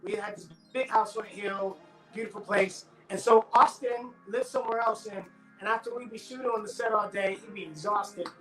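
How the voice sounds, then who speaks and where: A middle-aged actor being interviewed, telling stories in a loose, animated way and acting out his friends' voices. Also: sits high, fairly quick, echoey room, faint music behind, rough recording. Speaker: actor guest. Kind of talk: casual interview storytelling.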